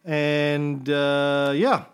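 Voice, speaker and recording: A man hosting a casual history podcast, explaining events thoughtfully with pauses and restarts. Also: fairly high pitch, steady tone, clean tone. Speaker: podcast host.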